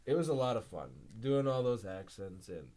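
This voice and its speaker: A man's voice: mid-range voice, animated, moderate pace, dark tone. A man hosting a podcast, chatting casually and laughing easily, rambling with restarts. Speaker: podcast host. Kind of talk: casual chat.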